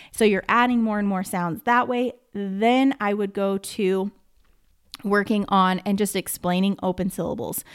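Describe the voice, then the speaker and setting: A young adult American woman, a former teacher, explaining how children learn to read, often sounding out words slowly. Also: mid-range voice, clean tone. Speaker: podcast host and former teacher. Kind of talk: explaining reading instruction.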